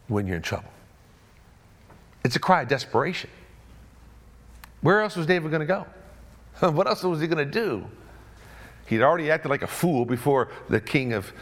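A male pastor delivers a sermon in a somewhat high voice. He builds phrases to emphatic peaks, then sinks to low, quiet endings. He repeats key words to drive them home. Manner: emphatic preaching, voice swells then drops low and soft.

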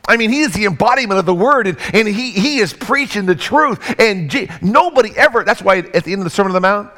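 A man delivering a Sunday sermon with a light, high voice. His pitch rises and falls constantly. He moves from near-shouted peaks to quiet, low passages for effect. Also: lively intonation, fast, hardly any pauses. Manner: dramatic, swinging from loud bursts to hushed low lines. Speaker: pastor.

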